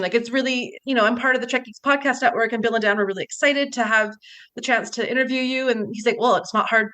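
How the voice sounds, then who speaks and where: A young woman co-hosting a podcast, telling a story in animated casual chat, swearing freely and acting out what others said. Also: a little high, fast talker. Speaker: podcast co-host.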